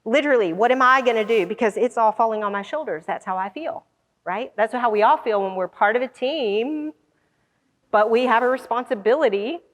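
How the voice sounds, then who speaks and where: A woman's voice: fairly high pitch, brisk, in a large hall. A woman who organizes conferences tells a story about her own work and acts out the lines other people said. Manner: animated, acts out quoted lines. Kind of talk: storytelling talk.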